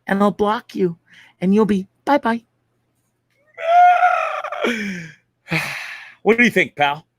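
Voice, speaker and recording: High, bright-voiced male show host. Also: slow pace, long pauses, no room sound, studio quality. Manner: profane, laughing, rambling. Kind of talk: casual commentary on viral videos.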